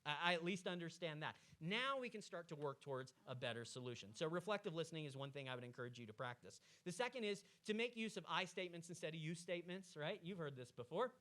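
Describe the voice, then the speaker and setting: Animated high-voiced man preaching. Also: fast, hardly any pauses. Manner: animated, acts out quoted arguments. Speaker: pastor. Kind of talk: sermon on marriage. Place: church stage.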